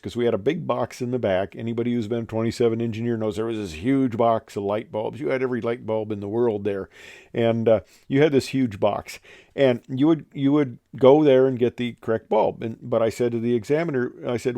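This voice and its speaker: A man's voice: mid-range voice, fairly even intonation, fairly quick, dark tone, dry recording. An older man, a retired airline pilot, telling stories in a rambling, casual way with many fillers and restarts. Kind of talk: casual storytelling monologue.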